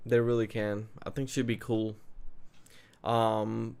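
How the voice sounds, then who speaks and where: A man chatting casually as a show host, with a smooth, clear voice. He is loose and excitable, and he talks like he is on an online call with a friend. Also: lowish voice, slow. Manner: excitable, laughs often, fillers like "dude" and "man". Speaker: podcast host. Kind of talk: casual wrestling chat.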